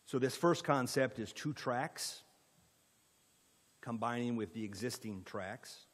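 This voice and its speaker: A man's voice: mid-range voice, slow, in a large hall. A man with an Indiana accent presenting a rezoning proposal at a county planning meeting, in an orderly way with frequent fillers. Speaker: economic development presenter.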